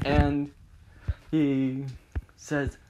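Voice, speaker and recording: An amateur storyteller narrating a fan story, halting with many pauses and restarts. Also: medium pitch, completely flat delivery, dark tone.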